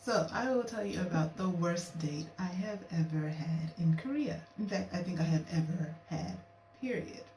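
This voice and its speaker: A young woman vlogging casually, telling a story in a chatty, animated way and acting out what she and others said. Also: lowish voice, moderate pace. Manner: chatty, animated, acts out quotes of herself and her date. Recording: echoey room, distant mic, faint hiss.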